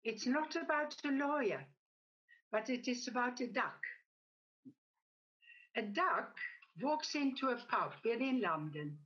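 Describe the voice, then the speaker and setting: Slow, measured woman giving a talk. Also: a little high, expressive, fairly bright tone, highs cut off. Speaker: speaker. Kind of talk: reflective talk with a told joke.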